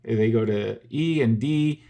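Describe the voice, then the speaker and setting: A man's voice: medium pitch, unhurried, dark tone. Man explaining music theory. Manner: clear, methodical explaining with casual fillers. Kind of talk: explanatory video lesson.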